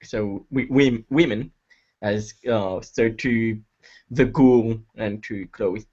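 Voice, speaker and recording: A man playing a tabletop game who narrates his character in a halting way with restarts, on a muffled, lo-fi recording. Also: lowish voice, fairly even intonation, a little mellow. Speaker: player.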